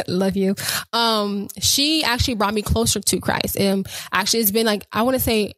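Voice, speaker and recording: A young adult woman hosting a casual faith podcast, talking with excitement and rambling, often repeating her phrases. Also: medium pitch, moderate pace, no echo. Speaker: podcast host.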